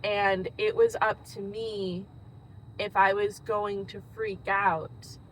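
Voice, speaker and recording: A woman speaking in an earnest, thoughtful way, reflecting slowly and pausing often in a personal monologue. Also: mid-range voice, flat delivery, fairly bright tone, slight background noise, rough recording. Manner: slow, earnest, thoughtful, with frequent pauses. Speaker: host.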